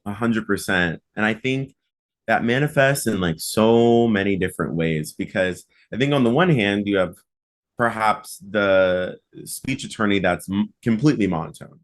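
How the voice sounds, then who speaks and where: A man hosting a podcast, talking casually with lots of "like" fillers and animated emphasis. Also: on the low side, moderate pace. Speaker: podcast host and mock trial coach.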